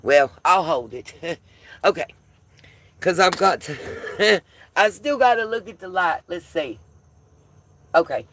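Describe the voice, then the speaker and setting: A woman's voice: fairly low pitch, animated, takes it slowly, long pauses, a bit bright, slight background noise. A woman with a Southern accent hosting a casual live stream, chatting with viewers in a folksy way and calling them y'all. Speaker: livestream host.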